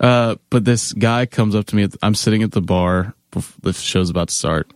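A man in his thirties tells road stories from his band's tours in a relaxed, laughing way. His voice sits low, and the sound is dry and close with no room around it. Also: a little fast, smooth, no echo. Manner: laughs often, acts out quoted people in a raised voice. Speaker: band member. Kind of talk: casual storytelling chat.

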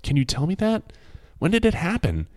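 A male narrator voicing a caring, anxious young woman teacher who asks gentle, earnest questions. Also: sits high, wildly swooping pitch, normal speed, no echo, clean studio sound, voice pushed up. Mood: concerned.

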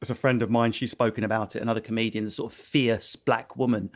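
A man's voice: on the low side, flat delivery, fast talker. A man with an Essex accent hosting a casual, comedic podcast chat, joking and slipping into mock voices. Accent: Essex English. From Essex, England. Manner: jokey, slips into mock voices. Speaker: podcast host.

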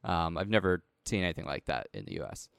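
Man, casual podcast chat, rambling with fillers, smooth resonant voice, dry sound. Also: sits low, big pitch swings, quick pace, dry recording. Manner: rambling, heavy use of "like" and "um".

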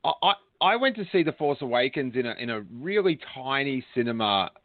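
A man's voice: medium pitch, big pitch swings, brisk, dry recording. Chatty man on a tinny line. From Australia. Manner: chatty, joking, many restarts. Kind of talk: casual chat over a call. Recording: tinny call audio, dry.

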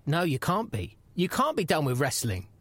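A man's voice: on the high side, wildly swooping pitch, moderate pace, dry recording, exaggerated voice. An actor playing an earnest, pushy male podcast interviewer who nags and pleads in a comedy audio drama. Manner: pleading and nagging, rising to frantic shouts. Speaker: podcast host character.

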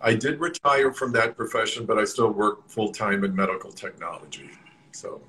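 A man's voice: lowish voice, moderate pace, sharp tone, poor audio. A man in his sixties from the American Midwest, a guest on a video-call interview, easygoing and plainspoken with some joking. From Midwest USA. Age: 60s. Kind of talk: casual interview.

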